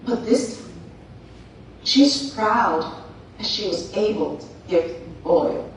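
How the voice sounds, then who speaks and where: A woman's voice: medium pitch, takes it slowly, a little hiss or hum. A woman giving a playful motivational talk, telling a story and acting out its characters for the crowd. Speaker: speaker. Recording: echoey hall, far from mic.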